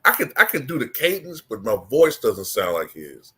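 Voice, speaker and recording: A man's voice: medium pitch, huge pitch swings, normal speed, fairly bright tone. A man hosting a casual online stream, rambling and repeating himself. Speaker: online show host. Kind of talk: casual livestream talk.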